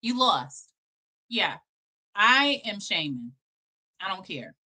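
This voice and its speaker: A woman's voice: mid-range voice, sing-song, slow, sharp tone. A woman in her thirties doing casual commentary, brash, profane and emphatic.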